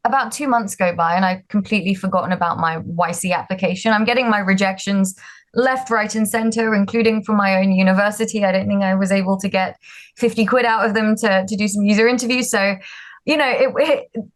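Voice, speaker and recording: A young woman from the UK, a startup founder telling her story in a candid, self-deprecating way, with many fillers and restarts. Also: mid-range voice. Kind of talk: casual storytelling talk.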